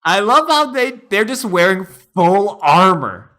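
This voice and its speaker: A man's voice: sits high, big pitch swings, slow pace, pushed and bright. A man streamer giving casual reaction commentary, laughing often and joking around.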